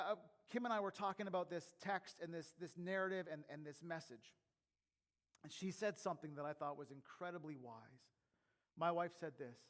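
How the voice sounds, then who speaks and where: A middle-aged pastor preaching a sermon, moving between quiet, close asides and loud, emphatic calls. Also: male voice, sits high.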